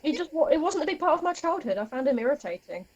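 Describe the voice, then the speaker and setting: A woman's voice: high voice, very animated, fast, muffled recording, crowd noise. A young woman, co-hosting a casual podcast, teasing with dry banter. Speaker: podcast co-host.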